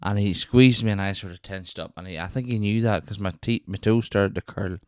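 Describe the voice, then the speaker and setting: Deep-voiced Northern Irish man rambling. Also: fairly quick, clean tone, no room sound, studio quality. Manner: rambling, chatty, self-interrupting with wee asides. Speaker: podcast host. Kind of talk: casual solo storytelling.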